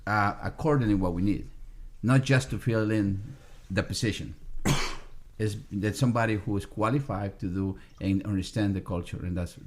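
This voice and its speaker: A man speaking as a podcast guest in a casual interview, often halting and restarting his sentences. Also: fairly low pitch.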